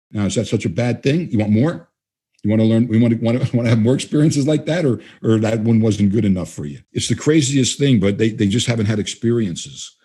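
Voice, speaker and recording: Man, low voice, dark warm tone, storytelling guest, acts out conversations. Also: slightly rough. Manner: animated, acts out both sides of dialogues. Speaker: guest trainer. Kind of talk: storytelling interview answers.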